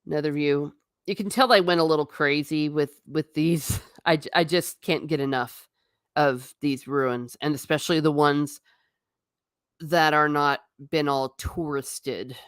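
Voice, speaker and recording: A woman with a fairly low voice hosts a casual live stream and reads viewers' comments aloud. She talks in a loose, chatty way, laughs easily and trips over repeated words. The sound is dry and close. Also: steady tone, measured pace, clean tone, no echo. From not Irish. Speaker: livestream host.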